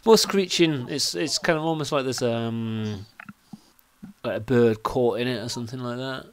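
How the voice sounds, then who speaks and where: A man narrating as game master of a tabletop game over a stream, relaxed and joking, pausing often as he narrates. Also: medium pitch.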